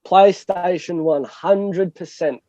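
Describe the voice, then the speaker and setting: Young aussie dj rambling on, kinda high for a guy, swears a lot, dull dry recording. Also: takes it slowly, warm tone, dry recording. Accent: Australian. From Australia. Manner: rambling, self-mocking, swears freely. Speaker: guest DJ and producer. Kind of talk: casual interview chat.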